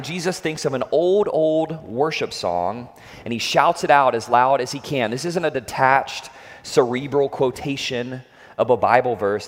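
A man in his thirties preaching a sermon as pastor, earnest and dramatic, slowing down to stress key phrases. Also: a little high, in a large hall. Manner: earnest, dramatic emphasis with slow drawn-out phrases. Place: church sanctuary.

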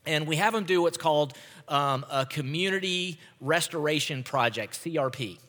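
Male pastor, talky sermon delivery, brightish voice, big sanctuary reverb. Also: fairly high pitch, moderate pace. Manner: conversational preaching, often checks in with "right?". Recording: long hall reverb.

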